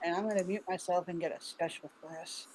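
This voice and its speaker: A woman's voice: fairly low pitch, fairly even intonation, fast, heavy background noise. A woman from Arkansas hosting a casual group video call, chatty and laughing, talking with many fillers while sick with covid. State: ill with covid. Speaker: host.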